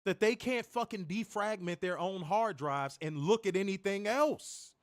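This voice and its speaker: A man's voice: high-pitched, unhurried, no room sound, studio quality. A man co-hosting a wrestling review show, talking in loose, profane banter and mimicking voices. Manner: animated, mimics voices, swears a lot. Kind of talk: casual profane podcast banter.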